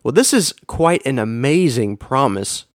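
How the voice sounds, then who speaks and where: A man's voice: animated, measured pace, dry recording, clean studio sound. Earnest, emphatic male podcast teacher. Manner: emphatic, stresses words with big pitch swings; earnest, addresses the listener directly. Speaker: podcast host teaching Bible reading.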